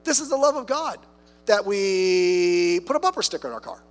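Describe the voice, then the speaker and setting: Lively high-voiced man preaching. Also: normal speed, soft background music. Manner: conversational, with rhetorical questions and humorous asides. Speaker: pastor. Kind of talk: sermon. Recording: long reverb from a hall.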